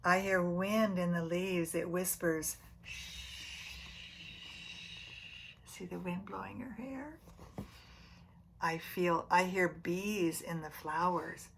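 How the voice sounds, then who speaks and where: Soft-spoken preschool teacher reading aloud, low-voiced woman. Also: takes it slowly, vocal fry, slight background noise. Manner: soft-spoken, often dropping to a near whisper; gently asks the children questions. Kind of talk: reading a picture book aloud to children.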